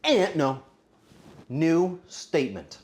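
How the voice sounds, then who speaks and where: A man streaming casually while cooking and tasting, joking crudely and bursting into loud exclamations. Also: on the high side, very animated, slow. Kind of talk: casual cooking livestream chatter.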